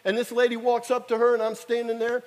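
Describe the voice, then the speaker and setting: A man's voice: extremely high pitch, monotone, quick pace. A man in his fifties preaching a sermon, telling a story with emphatic, repetitive exhortations. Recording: echoey hall reverb.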